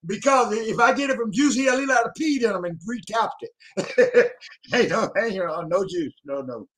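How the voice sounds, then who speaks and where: A man talks as a show guest, boastful and profane. His voice sits high, and its pitch swings widely and lively. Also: a little slow. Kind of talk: casual chat about CB radio.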